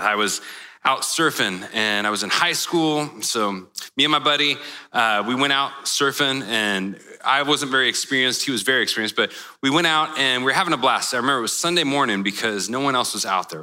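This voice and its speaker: A man preaching a sermon in a relaxed, conversational way, telling a personal story with casual slang. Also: medium pitch, long reverb tail. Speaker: pastor.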